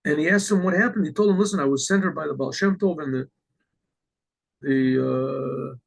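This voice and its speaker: A rabbi telling a story in an animated way, acting out the characters with exclamations. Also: male voice, on the high side, normal speed, gravelly, breathy edge, poor audio. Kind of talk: storytelling talk.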